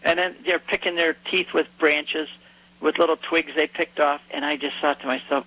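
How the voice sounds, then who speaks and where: A man, a guest on a radio talk program, telling a story in an animated way and putting on voices for the people he quotes. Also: on the high side, normal speed, poor audio. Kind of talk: storytelling conversation.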